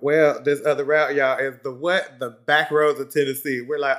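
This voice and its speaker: A man hosting a podcast, telling a story in a casual, expressive way. He laughs often, calls his listeners honey, and moves between lively bursts and quiet, reflective stretches. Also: mid-range voice, moderate pace, few pauses. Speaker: podcast host.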